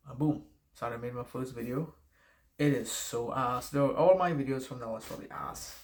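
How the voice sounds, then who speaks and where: In a mid-range, darkish voice at normal speed, a man with a noticeable non-native accent offers casual life advice to camera. He wanders, corrects himself and curses freely.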